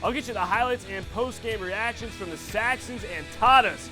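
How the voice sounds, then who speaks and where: A man hosting a local sports show, calling highlights in a playful, hyped, slangy way. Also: moderate pace, music in the background. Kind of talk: energetic sports highlight commentary.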